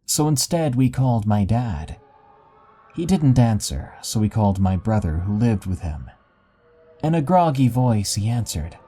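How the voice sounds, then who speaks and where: A man narrating scary stories in a measured, dramatic storytelling way. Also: lowish voice, big pitch swings, dark tone, breathy edge, faint music behind. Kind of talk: scripted horror story narration.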